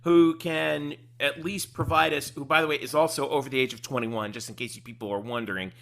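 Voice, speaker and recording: Brief: male host around 40, crisp and bright voice, steers the conversation. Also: medium pitch, fairly even intonation, a little fast. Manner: leads the talk, repeats words as he starts. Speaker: podcast host. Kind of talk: casual sports chat.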